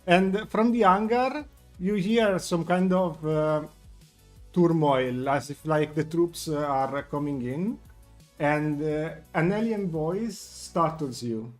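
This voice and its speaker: Hesitant male game master over soft music. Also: on the high side, slow pace. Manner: hesitant, many fillers. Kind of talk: narrating a tabletop game.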